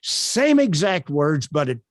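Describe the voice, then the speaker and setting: An older man presenting a sales workshop over a video call, telling stories in an animated way with frequent fillers. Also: a little high, slow pace, no echo, clean studio sound. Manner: animated, projecting, storytelling with many fillers.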